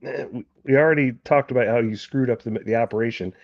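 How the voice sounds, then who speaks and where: A man voicing an exasperated, frantic male operative in a tabletop game, loud and rushed. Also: on the low side, dry recording, muffled recording, close to an everyday voice.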